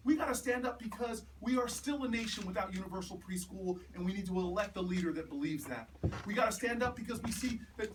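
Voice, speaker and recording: A man with a notably high voice gives an animated campaign speech, weaving in stories and building to repeated rallying lines. He is picked up from a distance in a home, with clear background noise around him. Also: quick pace. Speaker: politician. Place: house party in a home. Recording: distant mic with room noise.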